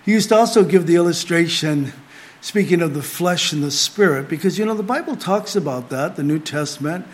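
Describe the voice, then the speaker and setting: A man's voice: a little high, a little fast. Earnest middle-aged male pastor preaching. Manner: earnest preaching, rising emphatic then dropping to quiet asides. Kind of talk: sermon. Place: small group gathering.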